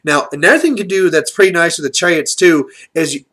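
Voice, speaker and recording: Chatty, somewhat high-voiced man. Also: expressive, fast talker, pushed and bright. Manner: chatty, filler-heavy, explaining tactics. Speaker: channel host. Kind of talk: casual strategy commentary.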